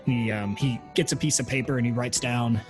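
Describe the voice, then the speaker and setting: A man narrating a tabletop game as game master, hesitant with many pauses and fillers. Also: mid-range voice, fairly even intonation, music in the background.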